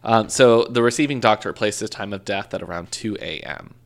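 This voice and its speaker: A man with a low, gravelly voice narrates a true crime case in casual conversation. He jokes, swears now and then, and corrects himself as he goes. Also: a little fast. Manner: joking storyteller, swears, self-corrects. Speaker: podcast co-host telling a true crime case. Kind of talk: casual chat.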